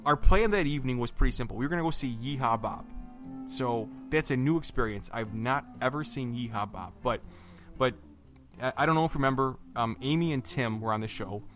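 A man co-hosting a podcast, telling a vacation story in a lively, chatty way with lots of fillers and acted-out quotes. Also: medium pitch, a little fast, soft background music. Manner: animated storyteller, acts out quotes, many fillers and restarts. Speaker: podcast co-host.

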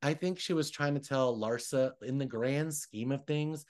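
This young adult man hosts a podcast, his medium-pitched voice a little slow with few pauses. The chat is casual and gossipy, and he's animated, bouncing between opinions and acting out quotes.

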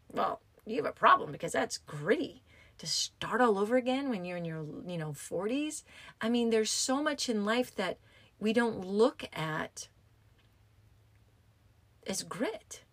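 A woman's voice: mid-range voice, breathy edge, no echo. Woman in her fifties, motivational podcast host; emphatic, casual, mid voice in a dead, dry booth. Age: 50s. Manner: emphatic, repeats key phrases. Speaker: podcast host and yoga teacher.

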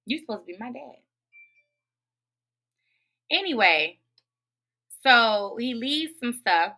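A woman's voice: mid-range voice, pushed and bright. A woman hosting her own podcast, telling a story in a blunt, profane, fired-up rant with speech patterns. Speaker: podcast host.

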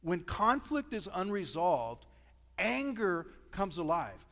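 A middle-aged Midwestern pastor with a fairly high voice preaches in a loose, joking storytelling style. His voice rings out with a long reverb in a large church hall. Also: big pitch swings, slow pace, a bit bright. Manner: storytelling, chatty, self-deprecating humor. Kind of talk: sermon.

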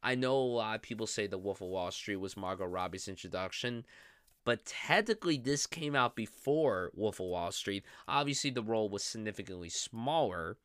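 Gushing man with a bright, crisp voice. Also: fairly low pitch, animated, normal speed, no room sound, studio quality. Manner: gushing, enthusiastic, lots of "I love". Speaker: podcast host. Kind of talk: casual film podcast chat.

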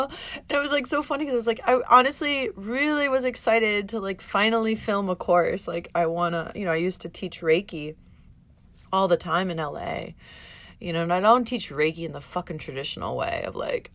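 A woman's voice: fairly low pitch, normal speed, gravelly. A woman hosting her own podcast in a casual, profane, emotional monologue. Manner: profane, emotional, tearful and laughing at moments; lively, animated with put-on voices in quotes. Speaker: podcast host.

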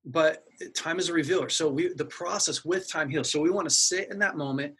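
A man's voice: on the high side, fairly quick, fairly bright tone, breathy edge. A middle-aged man earnestly telling a personal story in casual conversation, acting out his own inner dialogue. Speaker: guest sharing a personal story.

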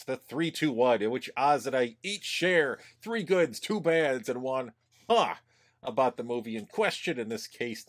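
Animated man podcast host. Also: medium pitch. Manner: halting, repeats words, laughs a lot. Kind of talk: casual movie-review chat.

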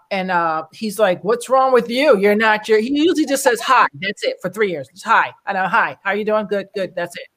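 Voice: mid-range voice, fairly bright tone. A host of a casual group discussion, a chatty storyteller who acts out the voices of people in the story.

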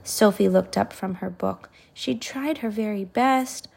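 A woman reading a picture book aloud to a child, slow and soft, with whispered asides. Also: mid-range voice, creaky, slightly rough.

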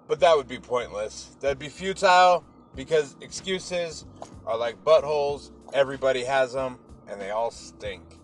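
Upbeat man hosting a morning podcast. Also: mid-range voice. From Pacific Northwest. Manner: upbeat, rambling, motivational. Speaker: podcast host. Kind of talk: casual morning podcast monologue.

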